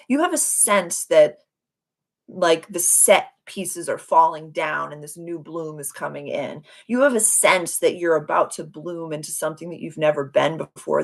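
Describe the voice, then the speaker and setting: Effusive woman livestream host, mid-pitched, gushing, repetitive. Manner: effusive, gushing, repeats phrases. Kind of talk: casual live-stream chat.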